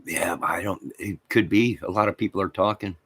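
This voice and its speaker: Man, livestream host, rambling, crude, lowish voice. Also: normal speed, a bit bright, slightly rough. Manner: rambling, crude, talks to chat viewers.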